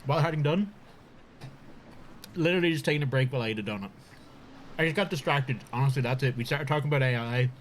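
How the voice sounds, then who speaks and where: A man's voice: mid-range voice, fast talker, pauses often, a little hiss or hum. A man chatting casually on a live stream, talking with his mouth full and laughing often.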